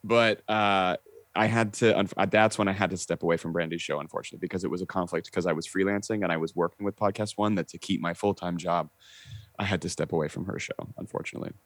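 A low-voiced young man chatting as a podcast guest, animated and quick to act out what people said. He fills his stories with "like" and casual swearing. The sound is dry and close. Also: no echo. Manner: animated storyteller, acting out quotes, frequent "like" and swearing. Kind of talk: casual chat, storytelling.

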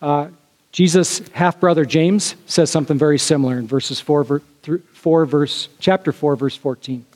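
Man, pastor, sermon, chatty and filler-heavy, slightly high voice, long hall reverb. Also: moderate pace, a little mellow. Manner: conversational, with frequent fillers and asides to the congregation.

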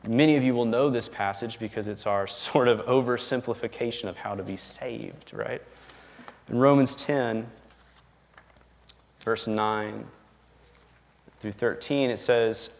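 A man's voice: medium pitch, a little slow, long pauses. Chatty, emphatic male preacher in a reverberant hall. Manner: conversational and emphatic, tags lines with "right?" and chuckles. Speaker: pastor. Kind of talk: sermon. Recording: long reverb of a large hall.

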